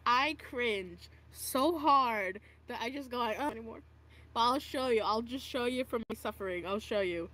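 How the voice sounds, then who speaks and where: High-voiced young woman cringing at herself. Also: moderate pace, fairly bright tone. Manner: self-mocking, dramatic groans and giggles. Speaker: video creator. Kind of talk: casual vlog reacting to own old art.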